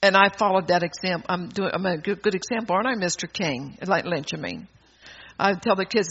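Pressing her congregation, a woman preaches with emphatic scolding in a bright, tense voice that sits fairly low, moves a little fast, and sounds slightly rough. A dull, lo-fi recording captures the sermon.

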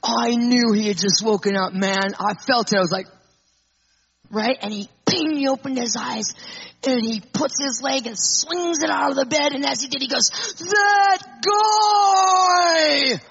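A woman speaker telling an animated personal testimony to an audience, acting out the people in it. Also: a little high, moderate pace, gravelly, background noise. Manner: animated storyteller, acts out quotes. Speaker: Christian speaker. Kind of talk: storytelling testimony. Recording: muffled lo-fi recording.

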